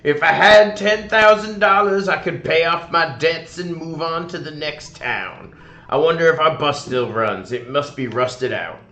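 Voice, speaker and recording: A man's voice: a little high, measured pace, sharp tone, roomy sound. A man voicing a broke, weary male jazz musician in a video game, musing in a sing-song way.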